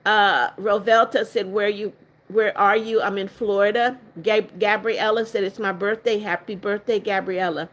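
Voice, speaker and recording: An older woman hosts a casual livestream, reading viewer comments aloud one at a time and answering each with motherly greetings and blessings, while staying firm with rude viewers. Her voice is medium-pitched and steady at a normal speed.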